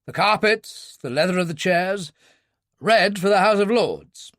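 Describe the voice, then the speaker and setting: A man voicing a calm, commanding older British brigadier with a clipped delivery. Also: sits high, unhurried, no room sound, clean studio sound, pitched above the performer's own voice. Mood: brisk. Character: brisk older British male brigadier, unflappable.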